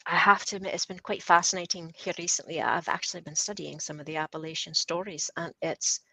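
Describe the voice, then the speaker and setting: A woman co-hosting a podcast in casual chat. Her voice sits slightly low but sounds bright and forward. She talks freely and laughs often, recorded dry and close. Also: fast talker, gravelly, breathy edge, no echo, poor audio. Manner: chatty, laughs often, uses Scots words like aye. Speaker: podcast co-host.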